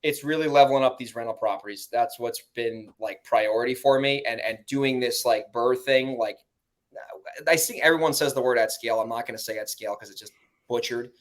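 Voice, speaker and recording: A man with a New York accent talking casually in a podcast conversation about his investing, profane and animated, mimicking other people in high mocking voices. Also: brisk. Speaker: real estate investor guest.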